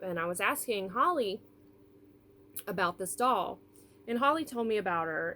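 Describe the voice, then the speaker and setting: A woman in her thirties telling a personal story in a vlog, tearful and apologetic, halting with fillers. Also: medium pitch, a bit bright, a little hiss or hum. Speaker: doll collector vlogger.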